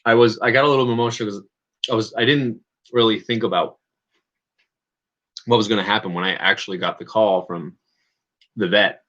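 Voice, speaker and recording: A man's voice: on the low side, fairly even intonation, fairly quick, long pauses, fairly bright tone, lo-fi sound. A man hosting a casual livestream chat, rambling and hesitant, often restarting and correcting himself. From Canada. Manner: rambling, hesitant, self-correcting with many fillers. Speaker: livestream host.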